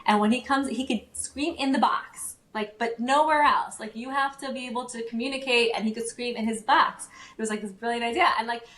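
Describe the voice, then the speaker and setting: Animated woman storyteller in an echoey room. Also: fairly high pitch, fairly quick, hardly any pauses. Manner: animated storyteller who acts out quotes, many fillers. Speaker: guest, parenting approach practitioner. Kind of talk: casual podcast interview.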